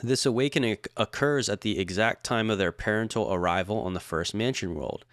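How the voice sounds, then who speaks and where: A man reads scripture-like passages aloud at a careful, measured pace. His voice sits fairly low and is smooth and resonant. The sound is close and dry. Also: fairly bright tone, no room sound. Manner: measured, careful reading with occasional restarts. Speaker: co-host reading the text aloud.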